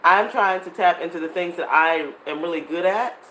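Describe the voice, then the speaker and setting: A woman's voice: fairly low pitch, moderate pace, fairly bright tone, slight background noise. A woman, chatting casually and animatedly with her viewers and laughing often. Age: 30s. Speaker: vlogger. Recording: echoey room with faint ambience.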